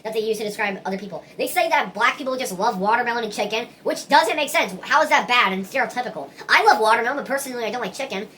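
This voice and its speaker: A woman talks straight to the camera in a casual opinion vlog, earnest and rambling, often stopping to restart her sentences. Her voice sits a little high and sounds bright and forward. A faint hiss runs underneath. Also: fast talker, few pauses. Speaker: vlogger.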